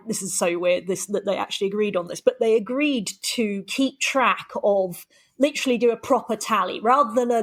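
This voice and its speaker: A woman hosting a podcast, chatting casually, laughing often and wandering off on tangents. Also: medium pitch. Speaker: podcast host.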